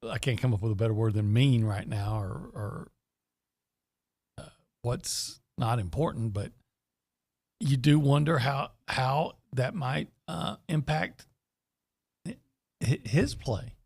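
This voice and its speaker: A man co-hosting a sports talk radio show, measured and teasing as he trades banter. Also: mid-range voice, gravelly, a little mellow, slightly rough, no echo, clean studio sound. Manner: measured, teasing, with playful put-on quotes. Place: radio studio.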